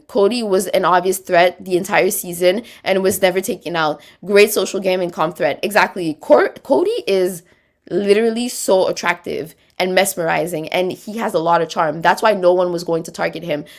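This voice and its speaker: A woman's voice: on the low side, moderate pace. A woman with a Quebec French accent, hosting a casual livestream, chatting, rambling and reading viewer comments aloud. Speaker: livestream host reading chat.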